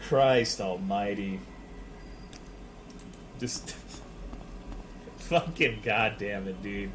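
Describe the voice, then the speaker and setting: A man's voice: fairly low pitch, very slow, a little hiss or hum. A man streaming a video game, chatting casually with his viewers in profane, joking banter. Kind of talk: casual chat with viewers while gaming.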